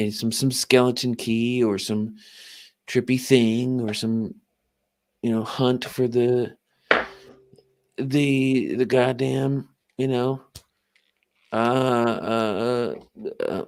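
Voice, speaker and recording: A man's voice: mid-range voice, darkish tone. Profane, emphatic podcast host man. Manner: profane, emphatic, repeats his point over and over. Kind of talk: casual late-night chat.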